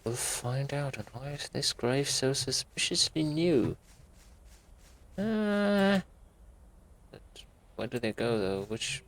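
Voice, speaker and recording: A man giving let's play commentary on a horror game, thinking aloud in quiet asides and breaking into sudden swearing. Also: mid-range voice, expressive, slow, pauses often. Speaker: gaming YouTuber.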